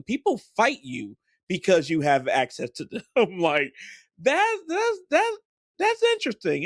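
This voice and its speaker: A man's voice: fairly high pitch, dry recording, studio quality. A man co-hosting a podcast in casual chat, talking animatedly and enthusiastically with frequent restarts. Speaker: podcast co-host.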